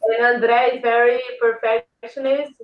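A woman with a Brazilian Portuguese accent talks as a guest in a relaxed interview, pausing on fillers as she searches for English words. The sound is roomy, with a slightly muffled, dull quality. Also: a little high. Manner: hesitant, frequent "uh" fillers, laughs easily. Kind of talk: casual interview conversation.

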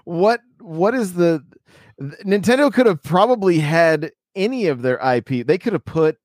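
A man's voice: high voice, lively intonation, moderate pace, a little mellow, no echo, studio quality. A man co-hosting a casual group chat about games, hesitant and full of restarts, with self-deprecating laughs. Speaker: podcast co-host.

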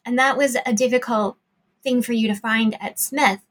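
A woman podcast host asking thoughtful, measured questions. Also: on the high side, fairly even intonation, low-quality recording.

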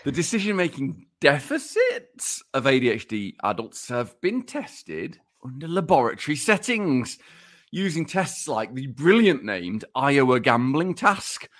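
Man, podcast co-host, teasing, laughing through a lecture, lively pitch. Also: unhurried. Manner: teasing, mock-lecturing, laughs while talking. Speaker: podcast co-host presenting research. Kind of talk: casual podcast banter.

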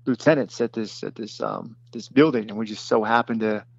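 A man who was a detachment commander, recounting a battle in plain, halting speech with many fillers and restarts. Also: lowish voice, fairly even intonation, vocal fry, no room sound, highs cut off. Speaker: former special forces detachment commander. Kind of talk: recounting a combat story in an interview.

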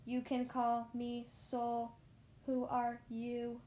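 A calm, polite female robot car speaks slowly and formally, as a woman reading a storybook puts her on. Each word is measured and even. The voice sits a little high. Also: roomy sound, slight background noise. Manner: slow, measured, formal speech.

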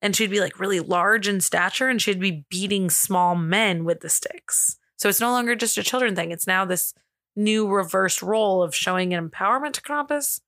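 A woman co-hosts a casual podcast, reading from her notes in a bright, forward voice. She giggles easily and teases herself when she trips over words. The sound is dry and close. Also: mid-range voice, moderate pace, dry recording. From America. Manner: giggly, self-deprecating, stumbles over reading. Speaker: podcast co-host.

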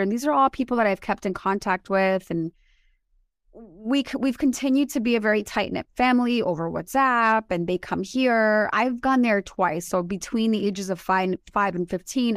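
A woman in her forties, born in Colombia, telling animated and emotional stories as a podcast co-host. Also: medium pitch, dry recording, studio quality. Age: 40s. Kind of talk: casual chat.

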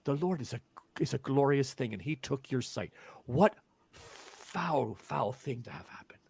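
A man's voice: mid-range voice, brisk, vocal fry, breathy edge, pitched below the performer's own voice. A man voicing a pushy, chatty traveling tinker who rambles and talks up his wares. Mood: scandalized. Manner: eager salesman, rambling and excitable.

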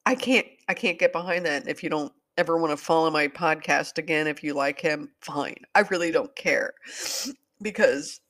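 A woman's voice: low-pitched, moderate pace, fairly bright tone. A woman hosting a solo podcast, talking in a rambling, hesitant and apologetic way, openly emotional. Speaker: podcast host.

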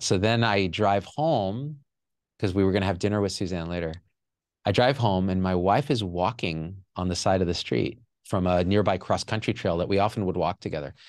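A man's voice: sits low, no room sound, clean studio sound. A man guest on a podcast, telling an emotional personal story with raw, repeated phrases and some swearing.

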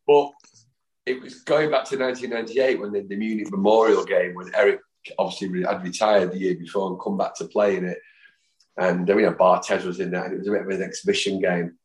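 A man in his fifties with a low, deep voice, spinning rambling anecdotes as a podcast guest. He jumps into the voices of the people in his stories. The room adds a noticeable echo. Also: fairly even intonation, fast talker. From Manchester, England. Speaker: podcast guest, football fan. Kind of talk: anecdotal storytelling. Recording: roomy echo.

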